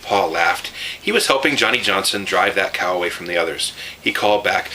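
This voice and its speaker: A man reading a children's book aloud with lively expression, pausing to show the pictures. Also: low-pitched, slight background noise, low-quality recording. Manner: expressive, showing pictures as he reads.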